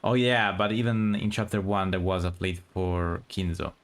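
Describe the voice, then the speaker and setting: Low-voiced relaxed man, hesitant. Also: moderate pace. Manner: relaxed, hesitant, many restarts. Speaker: streamer reading a visual novel aloud. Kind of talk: casual chat and reading aloud.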